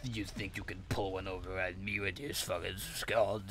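A man's voice: deep voice, steady tone, measured pace, a bit bright, slight background noise. A man giving profane comedic commentary while playing a game, boasting like a mock villain and yelping at sudden scares. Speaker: let's play gamer.

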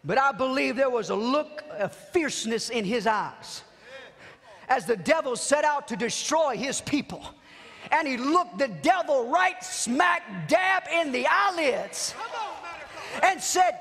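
High-voiced preacher in a reverberant church. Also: male voice, expressive, takes it slowly, vocal fry, a faint crowd, a little hiss or hum. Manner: swings from hushed murmurs to shouted climaxes; repeats phrases for emphasis. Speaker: pastor. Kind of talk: sermon. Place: church sanctuary.

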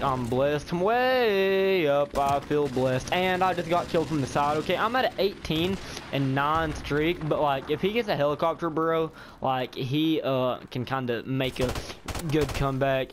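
A young man casually commenting on his own gameplay, rambling and excitable, often repeating exclamations. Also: fairly high pitch, background noise. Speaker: gaming YouTuber. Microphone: headset or desk mic.

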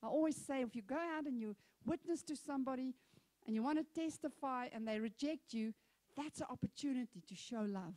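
A woman pastor preaching a sermon in an animated, conversational storytelling manner. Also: sits high, fairly quick, dry recording.

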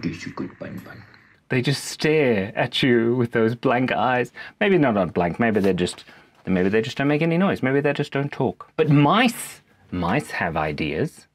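A man's voice: mid-range voice, very animated, measured pace. A man, rambling playfully in a monologue from a backyard cubby house and slipping into animal noises. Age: 30s. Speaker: vlogger.

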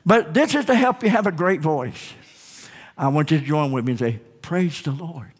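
High-voiced preaching pastor in a reverberant church. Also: male voice, big pitch swings, brisk. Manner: emphatic preaching with call-and-response, repeated phrases. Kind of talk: sermon. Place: church sanctuary. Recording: long reverb of a church sanctuary.

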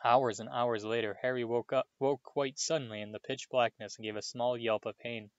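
A man reading a novel aloud in a steady storytelling voice, with small slips now and then. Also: mid-range voice, moderate pace, dry recording, lo-fi sound. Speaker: audiobook reader.

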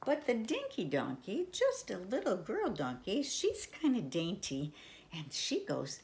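Slow, lively-voiced older woman storyteller. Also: mid-range voice. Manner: playful sing-song reading with sudden soft whispers. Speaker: children's storyteller. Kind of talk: reading a picture book aloud to children.

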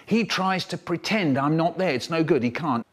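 Man, animated storyteller, lively swooping pitch, fairly high voice, theatrical reading. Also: moderate pace. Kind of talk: spliced comic storytelling. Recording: edited clips from older recordings.

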